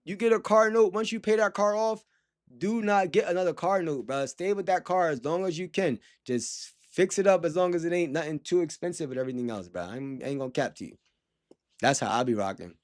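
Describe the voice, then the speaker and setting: A man's voice: on the high side, brisk. A young man talking casually to his livestream chat, rambling with lots of slang and frequent laughter.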